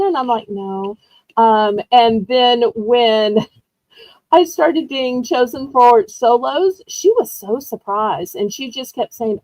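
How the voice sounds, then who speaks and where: A woman's voice: on the high side, takes it slowly, darkish tone, no room sound, low-quality recording. A woman hosts a live online auction in a rambling, chatty storytelling way, laughing often. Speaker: live-stream auction host. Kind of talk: casual live-stream selling chat.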